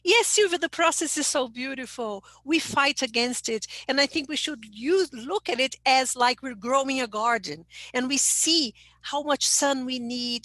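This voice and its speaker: Running a webinar for teachers, this older woman speaks in a somewhat high, slightly bright voice, recorded with no room sound. Her manner is patient and explanatory; she reads out chat messages and often pauses to ask "okay?"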